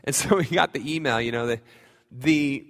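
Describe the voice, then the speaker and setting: Speaking at a moderate pace, a man with a mid-range, fairly bright voice preaches as pastor in a conversational style, poking fun at himself along the way. The setting is a church sanctuary, heard through the hall's long reverb.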